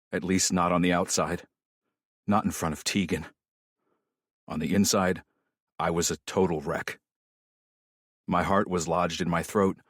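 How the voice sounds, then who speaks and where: Guy with a real deep voice reading a romance audiobook, steady, dry close sound. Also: dry recording. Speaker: audiobook narrator. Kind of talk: first-person romance audiobook narration.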